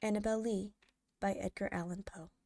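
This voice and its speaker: A woman narrating poems in a soft, hushed ASMR reading style, drawing out each line slowly. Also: medium pitch, fairly even intonation, creaky, no room sound. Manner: slow, hushed, drawn-out delivery.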